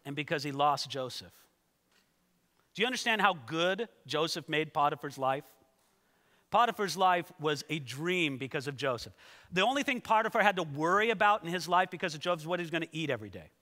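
Guy preaching a sermon, talks right at the crowd, long echo in a big hall. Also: a little high. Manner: animated, talks straight to listeners. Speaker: pastor. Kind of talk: expository sermon.

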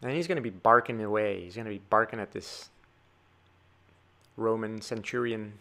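A man's voice: fairly low pitch, steady tone, normal speed, gravelly, sharp tone. A man giving a chatty drawing tutorial, talking to viewers as he sketches. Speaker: drawing teacher.

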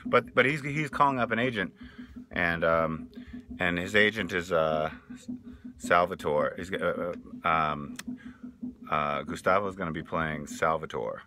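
A man setting up an improvised comedy sketch, talking haltingly with many restarts. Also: deep voice, background noise. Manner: halting, full of restarts and fillers.

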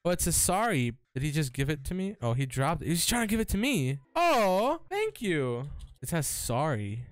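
A man commentating his own gameplay, excitable and nervous, laughing and stammering through restarts. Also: on the high side, moderate pace, no echo. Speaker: gaming YouTuber. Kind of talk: let's-play commentary.

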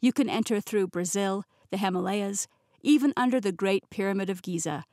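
A woman's voice: medium pitch, brisk, a little mellow, dry recording, clean studio sound, lightly acted. A woman voicing a young male king in an audiobook, easygoing and teasing but stern when giving orders. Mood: playful. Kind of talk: audiobook character voice. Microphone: close studio mic, dry.

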